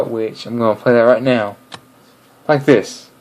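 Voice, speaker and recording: Slow, hesitant young man rambling. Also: medium pitch, steady tone, a little mellow, low-quality recording. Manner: rambling and hesitant, full of ums and restarts. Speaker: video creator. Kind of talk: casual chat to camera.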